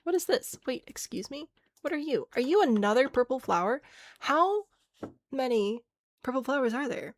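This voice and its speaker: A woman's voice: high-pitched, animated, brisk, no room sound. A woman streaming a game, chatting casually, thinking aloud and answering chat with self-mocking laughs. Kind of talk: casual live-stream chat while playing.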